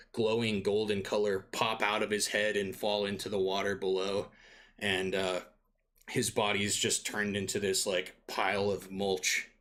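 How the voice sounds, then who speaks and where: Low-voiced, rambling game master. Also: male voice, a bit bright. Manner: loose, filler-heavy, searching for words. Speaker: dungeon master. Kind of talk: improvised tabletop game narration.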